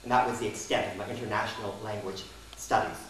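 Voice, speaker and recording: A man's voice: lowish voice, steady tone, fast talker, a bit bright, slight background noise. Wry man in an echoey hall. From Canada. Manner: wry, theatrical storytelling. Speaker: performer. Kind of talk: theatrical performance monologue. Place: performance space. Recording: very echoey hall, distant mic.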